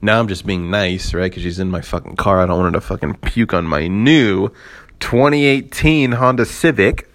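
A young man with a very low voice spins a casual story for his podcast. He rambles and swears freely, leans hard on fillers, and keeps a sarcastic streak running through the telling. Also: fairly even intonation, fast talker, few pauses, fairly bright tone. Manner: rambling, profane, filler-heavy. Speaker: podcast host.

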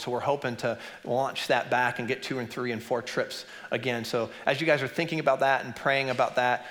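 A man preaching as executive pastor, enthusiastic and conversational, leaning into repeated points. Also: mid-range voice. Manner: enthusiastic, conversational, lively emphasis. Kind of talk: sermon. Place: church sanctuary. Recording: long church reverb.

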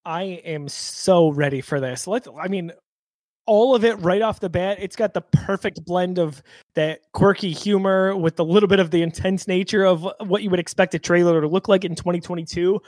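A man's voice: high voice, normal speed, darkish tone, no room sound. An enthusiastic man co-hosting a casual gaming podcast, talking upbeat about a new movie. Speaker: podcast co-host.

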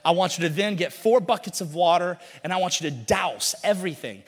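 A man voicing a bold prophet who calmly gives orders, in a lower, quieter voice than his own. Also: fairly quick, faint music behind. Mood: commanding. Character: bold mocking old male prophet, calm and sure. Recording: long hall reverb.

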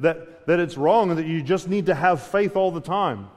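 A man's voice: on the high side, animated, normal speed, darkish tone, long reverb tail. A man preaching a sermon in a conversational way, restarting phrases often and acting out dialogue. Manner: conversational, with frequent restarts and dramatic paraphrase. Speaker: pastor.

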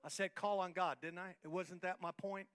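A man pastor preaching a sermon in a church, moving from soft talk to shouted, rhythmic, repeated lines. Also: high-pitched, steady tone, normal speed, clean tone. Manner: repetitive, rhythmic emphatic phrasing. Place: church hall, live-streamed service.

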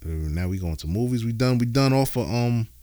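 A man's voice: mid-range voice, animated, fairly quick, mellow. A man co-hosting a casual podcast chat, laid-back and full of slang, laughing often. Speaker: podcast co-host.

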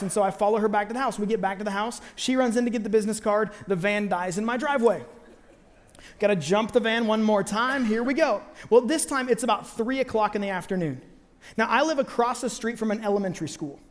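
A man preaching through a personal story, with a high-pitched voice. He tells it with animated energy and pops in and out of the voices of the people he quotes. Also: big-room sound. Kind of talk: sermon storytelling.

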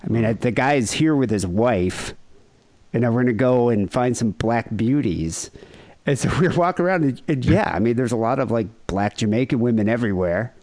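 A casual podcast co-host, a man telling a rambling story with plenty of profanity. His pitch jumps around a lot as he talks. The sound is dry, with no room echo. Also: moderate pace. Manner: animated, profane, mimics people in quotes.

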